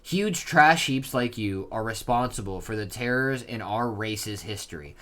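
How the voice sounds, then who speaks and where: A man's voice: lowish voice, lively intonation, unhurried, a bit bright. A man reading as a solemn remorseful giant king. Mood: grim.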